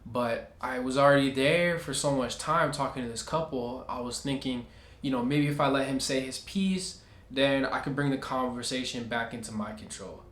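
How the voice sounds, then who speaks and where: Man telling an animated story, echoey room. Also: mid-range voice, moderate pace. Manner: animated, acts out other people's lines. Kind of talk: casual storytime vlog.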